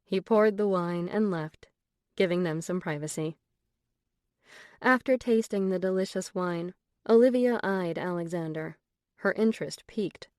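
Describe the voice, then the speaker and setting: A woman narrating an audiobook in a composed, even storytelling manner on a close studio mic. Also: lowish voice, measured pace, smooth, no room sound. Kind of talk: scripted narration.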